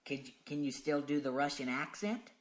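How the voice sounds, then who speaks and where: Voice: medium pitch, brisk. An interviewer asking short questions and offering brief, encouraging responses. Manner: brief, encouraging backchannel with laughter.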